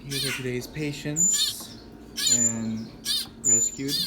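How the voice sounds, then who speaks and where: A woman's voice: extremely low pitch, lively intonation, slow pace. A woman caring for rescued birds, talking to them in a playfully scolding, affectionate way. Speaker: animal caretaker. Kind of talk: casual vlog, talking to animals. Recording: loud bird noise behind the voice. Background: loud bird calls and chirping.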